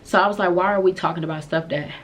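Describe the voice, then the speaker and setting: A woman's voice: on the low side, rapid-fire, a little hiss or hum. A young woman vlogger telling a story to her viewers in a candid, slangy and emphatic way. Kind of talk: storytime vlog.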